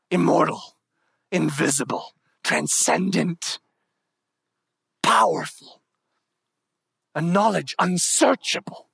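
A man preaching a sermon, reading scripture dramatically and swinging between hushed whispers and loud, soaring declarations. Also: on the high side, slow pace, vocal fry, long pauses, slightly rough, no room sound, studio quality. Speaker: pastor.

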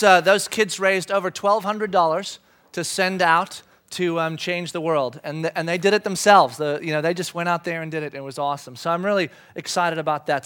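A man in his thirties preaches in a loose, chatty way, full of fillers and jokes at his own expense. His voice sits a touch higher than most men's. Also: fairly bright tone, clear, resonant tone. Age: 30s. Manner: chatty, self-deprecating storytelling with fillers. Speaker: pastor. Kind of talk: sermon storytelling.

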